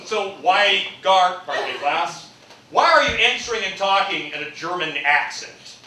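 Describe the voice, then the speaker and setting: A man playing a flustered, exasperated teacher who stammers over his words. He speaks slowly, in a high voice that rises and falls a lot. The sound is distant and echoey, with noise around it. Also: animated, pushed and bright. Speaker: flustered teacher and husband in a sketch. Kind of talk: live sketch comedy. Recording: echoey hall from far off, noisy.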